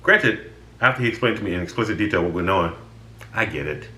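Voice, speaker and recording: A man with a low, bright-edged voice tells stories about his friends with lots of swing in his pitch. He sounds exasperated and swears freely, and the recording has a noticeable room echo. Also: animated, fast talker. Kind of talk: casual storytelling.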